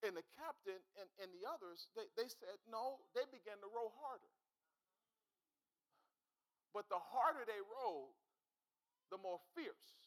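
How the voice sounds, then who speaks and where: A man's voice: high-pitched, expressive, a little slow, long pauses, a bit bright, poor audio. A male pastor preaching a fervent sermon in a church, repeating his points and calling out to the congregation. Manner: fervent, repetitive, calls out to the congregation.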